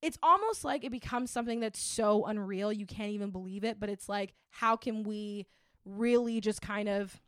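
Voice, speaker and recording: A woman hosting a show, talking in a chatty, animated way with lots of fillers. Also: mid-range voice, moderate pace, clear, resonant tone, no echo, clean studio sound. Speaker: host. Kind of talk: casual monologue.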